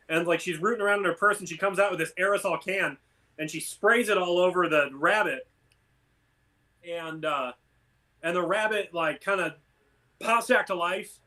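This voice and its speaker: A man's voice: high-pitched, pushed and bright. A man co-hosting a casual online game chat, telling long jokes in a rambling way full of fillers. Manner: rambling storyteller, many fillers. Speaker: podcast co-host.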